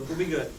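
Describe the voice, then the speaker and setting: Giggly teen boy telling a story. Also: fairly high pitch. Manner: rambling, laughs often mid-story. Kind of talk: casual personal anecdote. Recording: echoey room, far-off mic, noisy.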